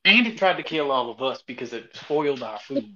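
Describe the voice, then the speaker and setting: A man playing in a tabletop game, talking in a brash, excitable way and swearing. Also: mid-range voice, fairly quick, muffled recording. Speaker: player.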